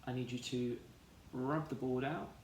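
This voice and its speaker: A man teaching a children's phonics lesson, slowly sounding out letters and syllables in an encouraging way. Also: medium pitch, fairly even intonation, darkish tone. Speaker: primary school teacher. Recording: echoey room, faint background noise.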